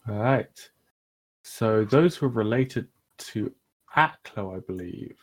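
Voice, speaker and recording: A man's voice: lowish voice, lively intonation, slow pace, no room sound. A man playing in a tabletop game, easygoing and matter-of-fact in casual table chat. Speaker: player.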